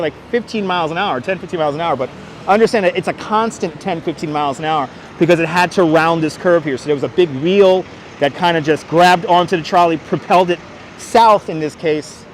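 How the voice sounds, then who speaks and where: A chatty man with a high voice hosts a casual walking-tour livestream, talking fairly quickly as he answers viewers by name and offers street history. He's outdoors on busy city streets, wearing a wireless clip-on mic, with faint traffic behind him.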